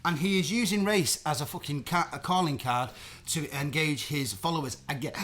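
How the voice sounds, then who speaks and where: A man's voice: a little high, moderate pace, fairly bright tone. A man hosting a live-streamed chat show, talking in a heated, emphatic way and swearing often. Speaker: host.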